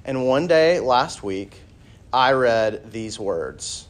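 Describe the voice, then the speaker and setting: A man in his thirties, a campus minister preaching a conversational sermon to students with animated storytelling and light humor. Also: medium pitch, extremely slow.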